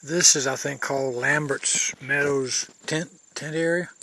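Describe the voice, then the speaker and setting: A man with a slightly high, sharp voice speaks at a measured pace and fairly even intonation. He guides viewers along a mountain trail while filming handheld, keeping his walking commentary chatty and loose, with restarted phrases.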